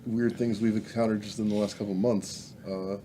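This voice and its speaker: A man's voice: lowish voice, flat delivery, a little fast, warm tone, a little hiss or hum. A man, a stand-up comedian guest, chiming in emphatically on a shared story. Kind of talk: casual chat.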